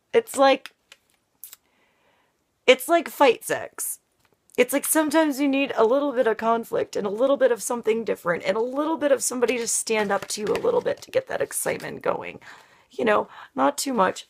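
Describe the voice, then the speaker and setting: A woman's voice: on the high side, gravelly. A woman giving a casual tarot reading, rambling with lots of "like" and frequent laughter. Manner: rambling, laughing, heavy use of "like". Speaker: tarot reader.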